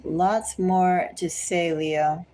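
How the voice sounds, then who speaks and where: Woman doing a tarot reading, takes her time, lowish voice, keeps calling out the sign. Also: steady tone, mellow, low-quality recording. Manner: slow and deliberate, repeatedly addressing the listener by star sign. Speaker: tarot reader.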